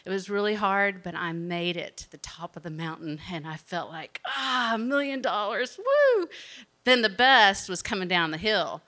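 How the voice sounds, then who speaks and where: A woman from Alabama with a Southern accent, telling a personal story in an animated, chatty way. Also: lowish voice, normal speed, hardly any pauses. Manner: animated, chatty, often laughing.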